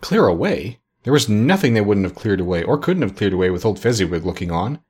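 A man narrating a classic story as an audiobook in a measured, expressive reading. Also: fairly low pitch, slightly rough.

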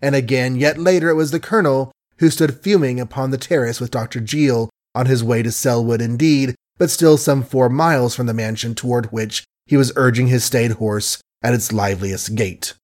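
A man narrating an audiobook in a measured storytelling manner. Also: mid-range voice, steady tone, darkish tone.

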